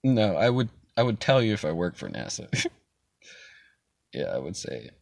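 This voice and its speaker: A man's voice: low-pitched, wildly swooping pitch, normal speed, vocal fry, a little mellow, dry recording. A young man hosting a casual chat stream, rambling loosely with frequent swearing and laughter. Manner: rambling, profane, laughs often. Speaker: stream host.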